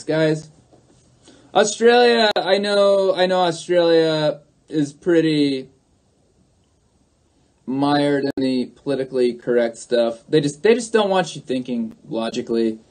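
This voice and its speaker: A livestream host with a high, slightly mellow voice speaks directly to his viewers. He's emphatic and repetitive, calling out to them over and over in his monologue.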